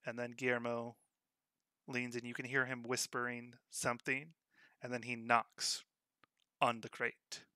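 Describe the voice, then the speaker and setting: A man narrating as game master of a tabletop game, in a relaxed, unhurried way. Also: mid-range voice, no room sound.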